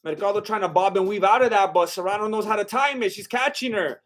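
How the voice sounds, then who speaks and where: A man's voice: high-pitched, fast, fairly bright tone, soft background music. A young man giving casual live fight commentary as a streamer, exclaiming at big shots and chatting with his viewers.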